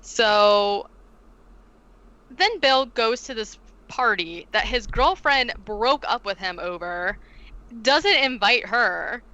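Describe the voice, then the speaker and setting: A woman's voice: mid-range voice, slow, dull audio. A woman co-hosting a podcast, casually retelling a film plot with lots of "like" and acted-out quotes. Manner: animated, heavy use of "like", acts out quotes. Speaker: podcast co-host recapping a film. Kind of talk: casual chat.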